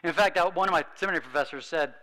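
Guy giving a sermon, bright slightly high voice, earnest, slows down on scripture. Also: low-quality recording. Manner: earnest, emphatic, slows down for scripture, drops soft for key points. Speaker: preacher.

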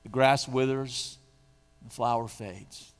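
A male pastor reads scripture in a sermon, dramatic and swinging from loud emphasis to a near hush. His voice sits slightly high. It rings with the long reverb of a large church sanctuary. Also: a little slow.

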